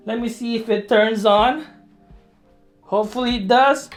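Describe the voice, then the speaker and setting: An adult in their thirties talking casually to camera at home while building a computer, rambling and chatty, with self-deprecating asides, lots of filler words and the odd excited whoop. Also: mid-range voice, unhurried, pauses often, soft background music. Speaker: hobbyist vlogger. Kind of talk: casual vlog narration while working.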